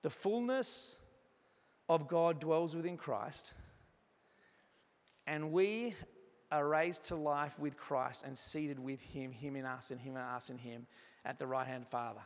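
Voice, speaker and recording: A man preaching an evening church sermon, earnest, moving from emphatic passages to hushed, soft ones. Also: on the high side, a little slow, long pauses. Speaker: pastor. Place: church hall. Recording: reverberant hall sound.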